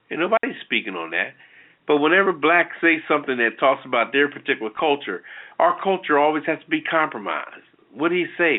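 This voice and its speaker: A man speaks his mind as a talk show co-host, blunt and animated, often restarting his sentences. His voice sits at an ordinary pitch. The audio is thin and tinny, like a phone line. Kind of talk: opinionated casual commentary.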